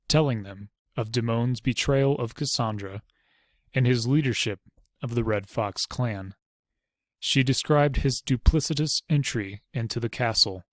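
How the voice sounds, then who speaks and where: Male audiobook narrator, medium pitch, steady, dry close recording. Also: dry recording.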